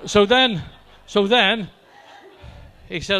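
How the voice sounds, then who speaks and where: A man's voice: a little high, lively intonation, normal speed, sharp tone. An older man telling doctor jokes and one-liners to a live audience in a chatty stand-up style, talking straight to the crowd. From Wales. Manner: chatty, addresses the audience directly. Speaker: amateur stand-up comedian. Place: library hall with live audience.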